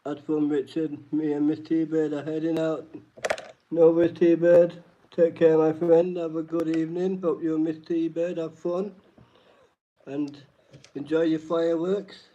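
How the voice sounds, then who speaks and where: A man's voice: fairly high pitch, flat delivery, unhurried, warm tone. A man hosting a live-stream trivia night, reading each question twice and greeting chat viewers by name. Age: adult. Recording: dull lo-fi stream audio.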